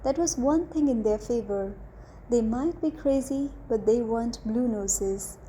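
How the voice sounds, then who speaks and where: A woman narrating a short story as an audiobook reader, in a measured, even storytelling manner. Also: fairly high pitch, slight background noise, poor audio.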